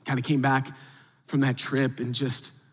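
A man's voice: medium pitch, monotone, unhurried, breathy edge. Casual-talking male pastor in a hall. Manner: casual, conversational preaching. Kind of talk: sermon. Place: large church auditorium. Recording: hall reverb.

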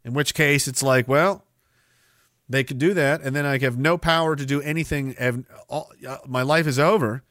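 A man's voice: mid-range voice, moderate pace, fairly bright tone, no room sound, studio quality. A man from Canada hosting a livestream, reading chat messages and ranting sarcastically with plenty of swearing. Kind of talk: casual live-stream talk.

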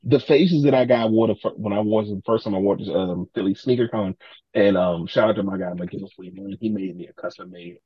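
A man, a podcast guest, telling animated stories in casual talk, acting out other people's lines and swearing freely. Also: on the low side, brisk, slightly rough, lo-fi sound. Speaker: podcast guest, sneaker collector. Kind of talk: casual storytelling.

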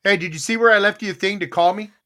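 A man's voice: high voice, rapid-fire, pushed and bright. A middle-aged man hosting a talk show, teasing his co-hosts, laughing and repeating himself. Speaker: host. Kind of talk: casual chat.

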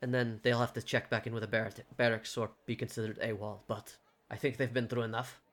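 A man playing a stern male inquisitor in a tabletop game, measured and dryly sarcastic. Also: medium pitch, little pitch movement, a bit bright, natural voice. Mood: commanding.

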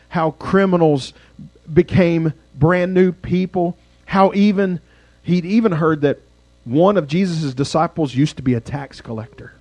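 A male pastor telling a dramatic story in a sermon, swinging from loud passages to hushed ones. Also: on the high side, no echo.

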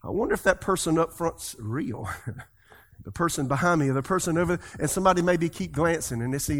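A man with a fairly high voice preaches a sermon with lively swings between booming emphasis and near-quiet asides. He calls on the congregation to repeat words back to him as he goes. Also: quick pace. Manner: animated preaching with swings between loud and soft; leads the congregation in call-and-response. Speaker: pastor.

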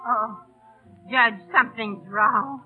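A woman's voice: a little high, slow, breathy edge, narrow, tinny audio, exaggerated voice. A fretful aging mother. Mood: anxious. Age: older. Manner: fretful, pleading. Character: anxious aging mother, poor woman posing as a lady. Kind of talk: 1930s radio acting. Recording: scratchy 1930s radio broadcast with music behind.

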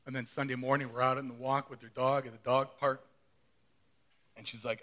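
A man's voice: mid-range voice, little pitch movement, brisk, pauses often, fairly bright tone. A middle-aged male pastor preaching a sermon in a conversational way, often asking the congregation questions.

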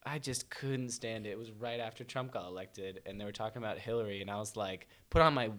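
A young man chatting casually, telling lively stories and laughing through his lines. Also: lowish voice, fast talker. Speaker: folk musician, podcast co-host. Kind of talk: casual chat.

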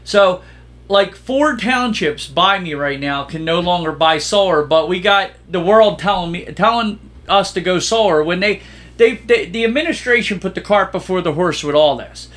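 A podcast co-host with a high voice speaks at a normal speed in casual chat. He tells stories animatedly, acting out the people he quotes and their exchanges.

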